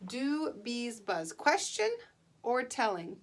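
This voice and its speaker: Teacher lady, slow careful delivery, patient with little kids, says good a lot. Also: on the high side, very animated. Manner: slow, patient, enunciates for young children. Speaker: second grade teacher. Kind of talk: online classroom lesson.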